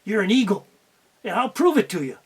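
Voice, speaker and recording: Storybook eagle, male, commanding and fatherly, a man voicing it, husky tone. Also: high voice, very animated, brisk, exaggerated voice. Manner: stern, fatherly, calls the young one boy.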